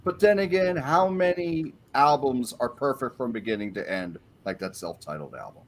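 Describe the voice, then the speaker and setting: A man's voice: mid-range voice, animated, moderate pace. A man on a panel, going through an album track by track and giving his opinions in a casual way.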